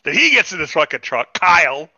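A man's voice: on the high side, big pitch swings, fairly quick, pushed and bright, dry recording, muffled recording. A man hosting a podcast, recapping in casual, rambling chat full of swearing. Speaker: podcast host.

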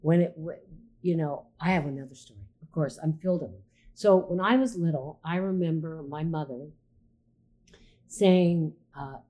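A middle-aged woman, a podcast host and shaman, chatting casually and telling lively stories with lots of restarts. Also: low-pitched, unhurried. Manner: animated storyteller, many restarts and quoted voices. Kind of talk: casual chat.

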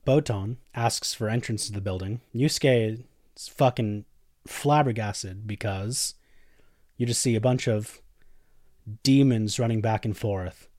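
A man's voice: fairly low pitch, unhurried, a little mellow, no echo, studio quality. A man hosting a podcast, casually recapping episodes and swearing often, jumping into characters' lines. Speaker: podcast host.

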